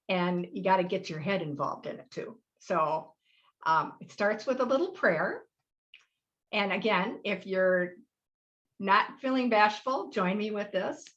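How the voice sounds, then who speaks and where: A woman's voice: medium pitch, a little slow, fairly bright tone, dull audio. A middle-aged woman hosting a live webinar workshop, explaining practices in a friendly, rambling way with fillers. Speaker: workshop host.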